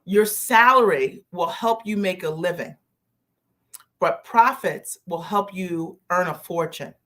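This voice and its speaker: A woman business coach hosting a live stream, greeting viewers by name and repeating her key phrases slowly for emphasis. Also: fairly low pitch, fairly bright tone.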